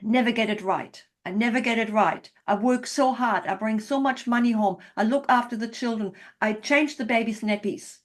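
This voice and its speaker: A woman role-playing a frustrated, overworked husband who feels unappreciated, speaking in quick, exasperated complaints. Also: fairly high pitch, close to an everyday voice.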